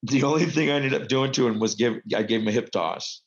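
A man's voice: medium pitch, fast talker. A middle-aged man and former pro wrestler telling stories casually, rambling with lots of fillers and self-corrections. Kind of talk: casual anecdotal storytelling. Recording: dull lo-fi recording.

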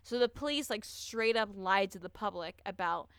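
A woman hosting a podcast, talking through a true-crime story in a loose, casual way. Her voice is smooth and crisp, and she is recorded close and dry. She swears freely and acts out the people in the story. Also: medium pitch, lively intonation, moderate pace, a bit bright, no room sound. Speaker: podcast host.

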